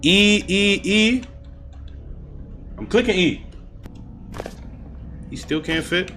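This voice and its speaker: A young man streaming and chatting casually, excitable and slangy with emphatic outbursts. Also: sits high, drawn-out words, slight background noise. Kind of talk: casual gaming and anime chat.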